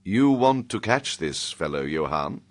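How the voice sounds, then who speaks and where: A British man voicing a wistful young nobleman in an audiobook. He speaks quietly in a low voice. His delivery is plain and close to the reader's own. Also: sing-song, measured pace. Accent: British English. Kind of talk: audiobook character voice.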